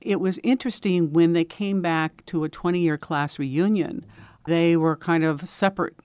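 A woman's voice: fairly low pitch, fairly even intonation, moderate pace, darkish tone, clear, resonant tone, no echo, studio quality. An older woman from Indiana, telling personal stories in an earnest, reflective way. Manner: earnest storytelling with quoted voices. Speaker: speaker sharing personal views.

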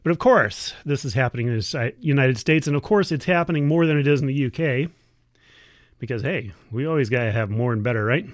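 A woman's voice: extremely low pitch, fairly quick, no echo. A woman hosting a radio opinion program, reading a news article aloud and breaking in with wry, editorializing comments. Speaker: radio host.

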